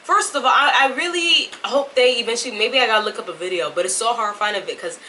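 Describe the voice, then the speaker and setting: A woman's voice: fairly high pitch, fast, pushed and bright. Chatty woman with put-on Southern drawl. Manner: chatty, rambling yapper. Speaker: vlogger. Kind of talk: casual chat to camera. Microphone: camera mic at a distance. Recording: distant camera mic, faint room noise.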